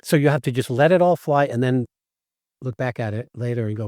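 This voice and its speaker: Guy cohosting a podcast, lively storyteller acting out quotes, mid pitch, dry close sound. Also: a little fast, no echo. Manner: animated storyteller who acts out quoted lines. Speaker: podcast co-host, acting teacher. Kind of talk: casual conversation.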